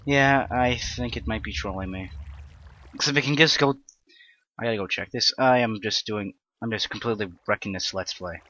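A man's voice: on the low side, normal speed, pushed and bright, dull audio. A young man giving casual, rambling commentary on his own gameplay, self-deprecating and prone to sudden panicked outbursts. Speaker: Let's Play gamer.

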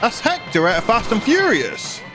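A young man with a British accent giving rowdy, excitable let's-play commentary in a mock-outraged manner. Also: high voice, normal speed. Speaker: gaming youtuber. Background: game music.

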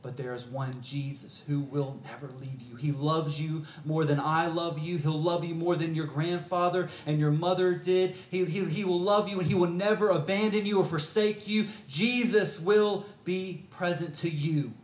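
A man's voice: fairly high pitch, steady tone, normal speed, hardly any pauses. Storytelling preacher, man, earnest and conversational, roomy hall sound. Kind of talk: sermon.

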